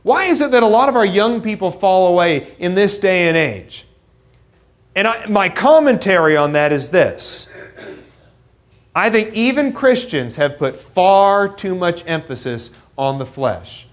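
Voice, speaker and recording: A young male preacher delivers an earnest sermon in a church. His voice sits high and swings widely in pitch as he builds to emphatic points, and he breaks them up with self-deprecating asides. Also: very animated, a little slow.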